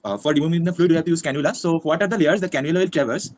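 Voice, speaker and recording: A young Indian man with a slightly high voice speaks fast and insistently. He repeats the same question several times, over a faint background hum. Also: darkish tone. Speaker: quiz questioner.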